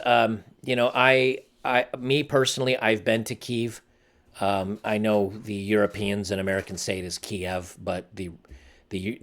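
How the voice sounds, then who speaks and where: A man's voice: on the low side, creaky. A man hosting his own channel, talking earnestly and somberly in a casual commentary monologue, often restarting his sentences. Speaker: channel host.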